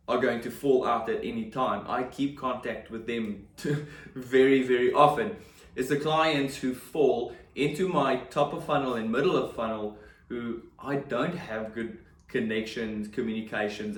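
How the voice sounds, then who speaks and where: Chatty man in an echoey room. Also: mid-range voice. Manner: chatty, emphatic, self-deprecating asides. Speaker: real estate agent. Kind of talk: casual explainer to camera. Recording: echoey room, mic at a distance.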